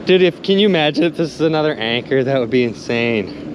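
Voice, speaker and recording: A man vlogging while magnet fishing from a boat outdoors, excitedly narrating his finds to viewers and exclaiming often. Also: mid-range voice, fast talker, noisy background. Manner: animated, exclaims often, keeps addressing viewers as "you guys".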